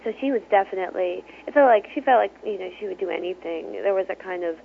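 A woman's voice: medium pitch, animated, fast talker, gravelly, slight background noise. A woman author talking casually as an interview guest, chatty, with many fillers and frequent laughs. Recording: tinny phone line.

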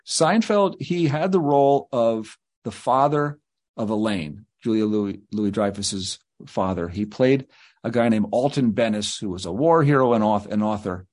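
A man's voice: on the low side, normal speed, darkish tone. A male guest author telling rambling anecdotes in an interview, slipping into quoted voices.

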